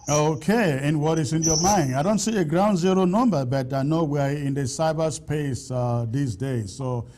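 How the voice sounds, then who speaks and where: A man hosting a call-in show, speaking deliberately and repeating his words as he takes callers. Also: fairly high pitch, mellow, a little hiss or hum. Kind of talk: call-in radio talk.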